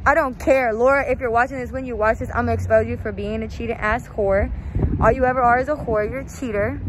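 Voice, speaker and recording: A young woman vlogging outdoors at an apartment complex on a handheld phone camera, ranting loudly with profanity and yelling out names. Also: on the high side, slight background noise. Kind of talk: confrontational vlog rant.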